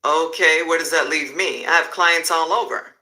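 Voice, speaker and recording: Casting: man playing a streetwise male snitch, bright, sharp tone, boastful and quick with names. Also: a little high, fairly even intonation, roomy sound, rough recording. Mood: cocky. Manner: rapid, boastful listing of contacts. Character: streetwise male informant, cocky and talkative.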